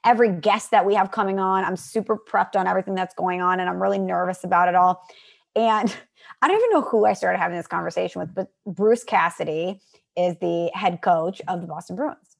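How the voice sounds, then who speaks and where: A woman co-hosting a podcast, telling stories in a casual, animated way and laughing often. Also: lowish voice, a little fast, vocal fry. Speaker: podcast co-host. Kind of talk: casual chat.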